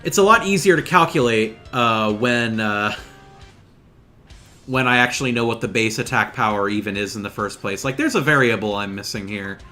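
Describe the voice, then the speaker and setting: A man muses his way through a game in casual let's play commentary, trailing off into fillers and correcting himself. His voice is bright and forceful, and faint music plays underneath. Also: fairly low pitch, moderate pace. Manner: musing, with fillers and self-corrections. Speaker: gameplay commentator.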